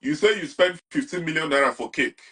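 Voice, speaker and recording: A man's voice: on the high side, a little fast, pushed and bright. A young man with a Nigerian accent, talking animatedly as an interview guest and mixing Pidgin with English. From Nigeria, Anambra. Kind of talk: casual interview talk.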